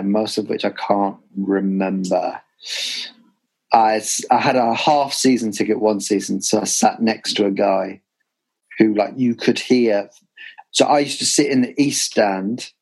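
A man's voice: fairly low pitch, creaky, low-quality recording. A man hosting a casual football podcast, reading out listener questions and telling fan anecdotes. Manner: reads listener questions, tells anecdotes with shouted impressions. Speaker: podcast host. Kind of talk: casual chat.

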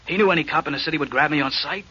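Urgent and pleading, a desperate prisoner begging to be believed. His fast, husky delivery sounds bright and strained. It comes through a dull old radio recording. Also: a little high. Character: desperate man wrongly jailed, pleading. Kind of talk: 1940s radio acting.

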